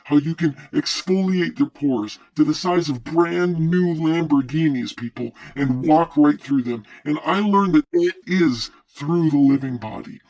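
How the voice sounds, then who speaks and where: A man playing a calm, rambling cult leader. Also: a little high, measured pace, hardly any pauses. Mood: serene, rambling. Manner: rambling, surreal, calmly self-assured. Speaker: cult leader on a talk show.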